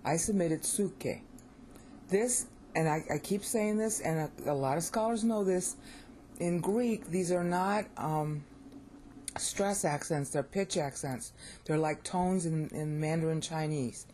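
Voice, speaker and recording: A teacher with an American accent explains ancient Greek in a relaxed, unscripted lesson. The voice has a soft, mellow tone. They often stop to ask "all right?" and repeat Greek phrases aloud to demonstrate how they should sound. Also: mid-range voice, unhurried, slight background noise. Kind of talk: informal spoken lesson.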